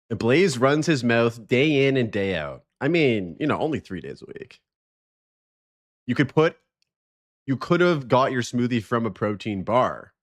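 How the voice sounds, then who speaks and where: Male streamer, chatty and joking, with a lively and expressive voice, mid pitch. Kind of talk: casual live-stream chat.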